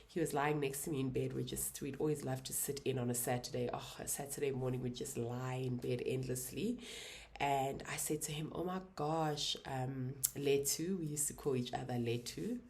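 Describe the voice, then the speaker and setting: South african woman in her 30s, low voice, soft and halting, telling her own story on a vlog. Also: steady tone, vocal fry. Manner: soft, halting, emotional retelling. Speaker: YouTuber.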